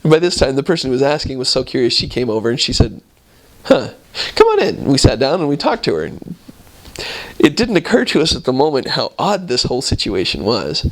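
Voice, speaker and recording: A man casually telling a story, animated and laughing often as he goes. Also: medium pitch, fast, low-quality recording.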